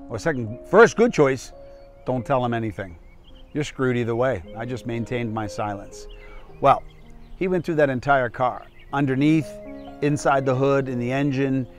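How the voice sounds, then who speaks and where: A man in his fifties recounting a personal cautionary tale as a motivational speaker. He talks in a candid, emphatic, conversational way at a middle pitch. Soft music sits faintly underneath. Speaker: doctor and public speaker.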